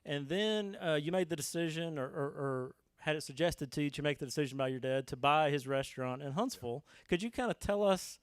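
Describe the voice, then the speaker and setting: A man's voice: fairly high pitch, a little fast, few pauses, clear, resonant tone, no echo, studio quality. A man hosting a live talk, asking friendly, conversational questions with a few fillers. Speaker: interviewer, host.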